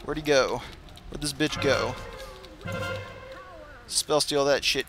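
A man's voice: medium pitch, steady tone, takes it slowly, music in the background. A man swearing and trash-talking through frustrated gameplay commentary. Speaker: gamer.

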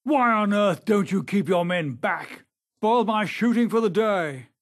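A blustering country gentleman barking orders, as a man puts him on. The voice is raised, husky and impatient, with wide swings in pitch. He is a storybook sportsman, quick to blame others. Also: lively intonation. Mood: brusque. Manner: brusque, shouting. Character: gruff, loud, impatient gentleman hunter.

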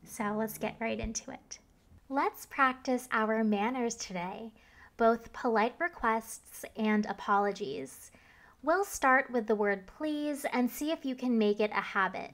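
A woman hosting her ASMR channel, leading a manners-practice role-play at normal volume with slow, patient repeat-after-me phrases. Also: fairly high pitch, a bit bright. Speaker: ASMR creator.

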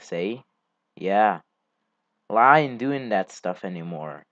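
A man giving casual, halting gameplay commentary as a channel host. He rambles and swears casually as he plays. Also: fairly low pitch, lively intonation, no echo. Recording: dull lo-fi mic.

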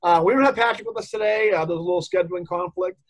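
A man's voice: high-pitched, quick pace, low-quality recording. A man co-hosting a casual comics review show, rambling and chatty with frequent laughs. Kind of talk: casual podcast chat.

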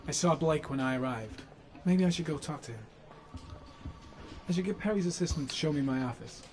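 A man's voice: fairly high pitch, animated, brisk, slight background noise, lightly acted. A man playing an earnest young federal agent. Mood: musing. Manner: thinking aloud to himself. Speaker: video game character.

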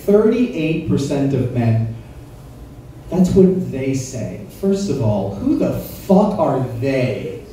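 A man's voice: mid-range voice, very animated, takes it slowly, warm tone, slight background noise. A man performing a stand-up comedy set at a club, crude and conversational, teasing the audience. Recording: roomy club sound from far off, crowd audible. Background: audience laughter.

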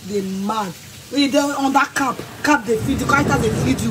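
A Nigerian-accented woman vlogger rants furiously to camera, scolding and threatening with sudden shouted bursts. Her voice is a little higher than most women's, she speaks a little fast, and faint noise hums beneath her.

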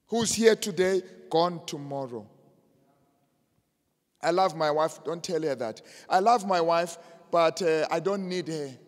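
A man preaching a sermon as pastor, swinging from quiet asides to shouted emphasis. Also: fairly high pitch, a little slow. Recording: long hall reverb.

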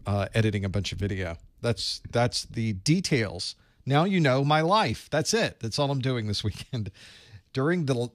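A man's voice: mid-range voice, no room sound. Chatty man hosting a livestream, dry sound. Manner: chatty, rambling, self-deprecating, greets viewers by place. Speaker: IT certification instructor hosting a live study group. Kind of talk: casual livestream chat. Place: small dark room.

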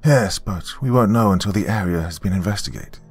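A man voicing a calm, posh British mission handler with a posh British accent, briefing in a measured way. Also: sits low, husky, faint music behind.

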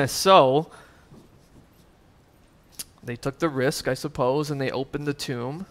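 A man preaching a sermon as pastor, animated and emphatic, with casual conversational asides. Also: mid-range voice, takes it slowly, long pauses. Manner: conversational asides with fillers and chuckles.

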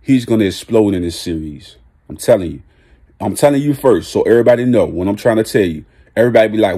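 A man giving a casual, animated basketball rant to his viewers, dropping into a low drawl and then shouting out names. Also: normal speed, husky. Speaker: sports vlogger.

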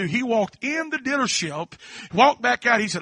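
Fervent Kentucky preacher, high bright voice. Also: male voice, very animated, normal speed, slightly rough, no room sound. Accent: Kentucky Southern US. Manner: fervent preaching that swings between quiet storytelling and shouted declarations. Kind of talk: testimony sermon.

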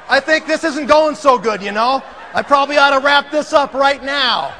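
A man telling a comic story to an audience, animated and laughing, acting out the scenes. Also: very high voice, moderate pace, few pauses, a little hiss or hum. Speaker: speaker.

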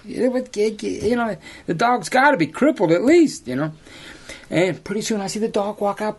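A man's voice: high voice, expressive, moderate pace, breathy edge. A man who works as a hunting guide, telling rambling yarns in an interview, often saying "you know" and laughing at his own stories. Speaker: lion hunter and outfitter guest. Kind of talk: storytelling in an interview.

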